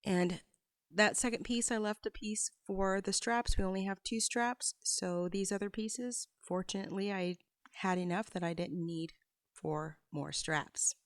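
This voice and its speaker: A woman's voice: medium pitch, measured pace, dry recording, rough recording. A woman giving a patient, step-by-step sewing tutorial as a voice-over, with small asides as she works. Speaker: quilting instructor.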